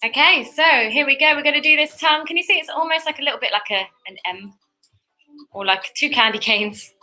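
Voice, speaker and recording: A woman's voice: high-pitched, a little fast, sharp tone. A young woman giving cheerful, chatty step-by-step painting instructions as a tutorial host.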